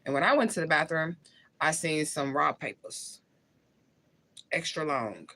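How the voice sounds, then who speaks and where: A woman's voice: deep voice, moderate pace, sharp tone. A woman in her forties from St. Louis, Missouri, chatting live with viewers and answering their comments, blunt and slangy, laughing often. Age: 40s. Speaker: livestream host. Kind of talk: casual live chat reading comments.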